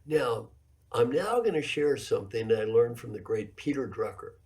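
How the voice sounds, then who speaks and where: A man's voice: medium pitch, sing-song, moderate pace, darkish tone. A man in his seventies, an executive coach giving a keynote lecture, telling stories and repeating his key points for emphasis. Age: 70s.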